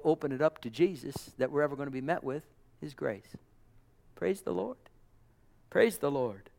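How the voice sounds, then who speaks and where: A man preaching a sermon with passion, calling out amens and praise to the congregation, dropping to a hush and then rising to loud exclamations. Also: high-pitched, vocal fry. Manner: impassioned, swings from hushed murmurs to loud exclamations; calls out amen and praise God to the congregation.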